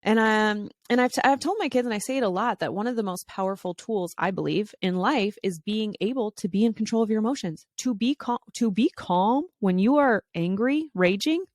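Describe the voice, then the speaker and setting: A woman in her thirties talks through a casual podcast monologue, middle-pitched and chatty. She acts out bits of dialogue with quick shifts and laughs easily. The sound is dry and close. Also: a little mellow, no room sound. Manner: chatty with frequent fillers and laughs. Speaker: podcast host.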